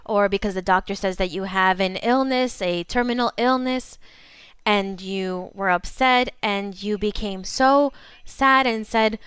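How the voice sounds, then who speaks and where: Woman, preacher, fervent sermon, smooth voice, dry close sound. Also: medium pitch, fairly bright tone, no echo. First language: Spanish. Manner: fervent preaching, slows for emphasis. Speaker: pastor.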